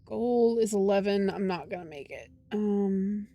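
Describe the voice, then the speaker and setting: A woman's voice: medium pitch, unhurried, mellow. Woman streamer reacting to a story game. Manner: reacts with sighs, swearing and groans. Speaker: VTuber streamer. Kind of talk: reading a story game aloud with live reactions.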